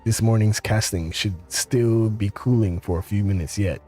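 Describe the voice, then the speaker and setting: A man voicing a pleasant, cultured male engineer with a faint Russian accent, speaking politely and in a measured way. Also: fairly low pitch, mellow, soft background music, close to an everyday voice. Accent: faint Russian, put on.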